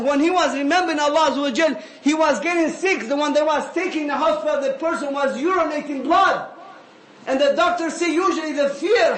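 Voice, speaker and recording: A man giving an animated sermon, often calling listeners "habibi". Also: very high voice. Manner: animated, switching between English and Arabic phrases, calling listeners "habibi". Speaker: preacher. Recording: echoey room with faint ambient noise.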